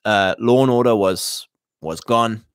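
A man's voice: fairly low pitch, measured pace, clean tone, no room sound, clean studio sound. A man hosting a livestream, talking in a loose monologue full of restarts and fillers. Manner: rambling, many fillers and restarts. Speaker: show host.

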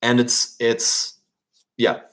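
A man's voice: medium pitch, completely flat delivery, extremely slow, fairly bright tone. Man preaching an informal sermon. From England. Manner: conversational, often asks "right?" and restarts phrases.

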